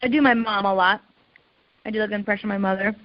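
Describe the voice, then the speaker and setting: A woman's voice: medium pitch, fairly even intonation, quick pace, no echo. A woman in her thirties, a comedian guest, chatting and telling stories in a casual interview. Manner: chatty, laughing storyteller. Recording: dull lo-fi dry podcast audio.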